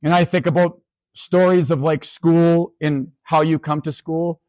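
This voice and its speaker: Man in his 40s, Canadian, keynote storyteller, self-mocking, fairly high voice, dry sound, lively comic delivery. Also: no room sound. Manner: animated, self-mocking, quick asides. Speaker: keynote speaker. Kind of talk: humorous storytelling talk.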